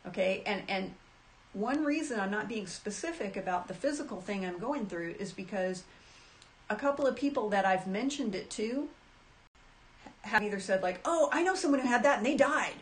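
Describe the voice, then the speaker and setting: A woman talking casually to her audience about handling anxiety, chatty and animated, acting out little quoted asides. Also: medium pitch, moderate pace. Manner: chatty, animated, frequent restarts and acted asides. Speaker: self-help speaker. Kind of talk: casual talk to camera.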